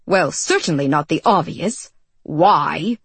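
A man's voice: on the high side, expressive, slow pace, a bit bright, breathy edge, no room sound, heavily acted. A woman reading a storybook voices a gloomy, despairing male court astronomer who talks to his servant with exasperation and scorn. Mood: exasperated.

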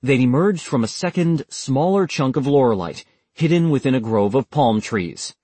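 Husky male audiobook narrator. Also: medium pitch, expressive, normal speed, dark tone, no echo. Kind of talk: scripted narration.

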